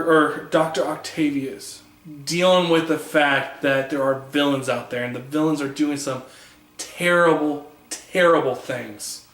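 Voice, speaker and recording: A man's voice: a little high, fairly bright tone. A man giving a casual, enthusiastic comic book review who acts out the lines he quotes. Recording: echoey room.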